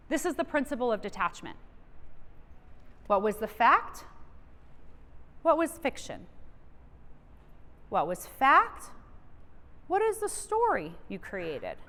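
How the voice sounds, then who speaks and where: A woman delivers a motivational keynote from a stage in a large event hall, energetically coaching her audience directly. Her voice is high-pitched and fairly bright, carried by the hall's long reverb.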